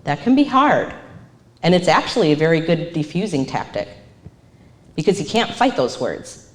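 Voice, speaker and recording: A woman's voice: on the low side, normal speed. A woman counselor giving a live presentation, acting out the phrases she quotes. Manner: animated, acts out quoted phrases. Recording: echoey room.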